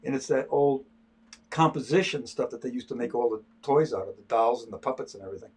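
This is an older man, an artist, talking casually on a livestream as he draws. His medium-pitched voice is quick, darkish and a bit breathy, and his speech starts and stops with frequent repetition.

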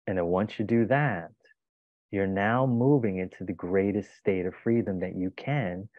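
A man's voice: low-pitched, dry recording. Emphatic man on a tinny line. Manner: emphatic, storytelling with acted-out quotes. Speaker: guest. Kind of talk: motivational self-help talk. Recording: tinny phone-like dry sound.

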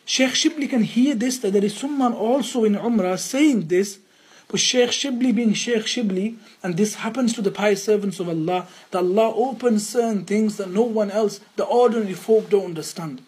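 A man giving a religious lesson, earnest and storytelling, often repeating his phrases for emphasis and dropping to hushed tones for quotes. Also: high voice, normal speed, breathy edge, low-quality recording. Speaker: Islamic teacher.

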